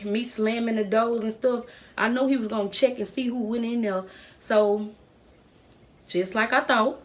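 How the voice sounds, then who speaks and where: Young woman doing a storytime vlog, kinda high voice, earnest and emotional. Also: a bit bright. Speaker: vlogger telling a personal story.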